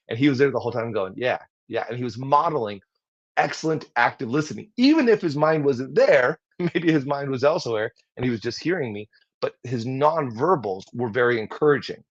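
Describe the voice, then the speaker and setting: A man coaching on public speaking during a livestream, lively, acting out example replies as he teaches. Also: mid-range voice. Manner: energetic, demonstrates tones and acts out example replies. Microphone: livestream mic. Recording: slightly dull lo-fi audio.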